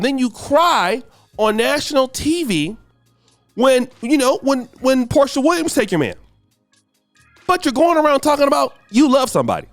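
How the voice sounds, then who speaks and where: An American man with a high, very lively voice rants through a podcast commentary. He preaches emphatically, jumping between raised outbursts and low mutters. The sound is close and dry, with faint music underneath. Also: no echo. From United States. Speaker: podcast host. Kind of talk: ranting commentary monologue.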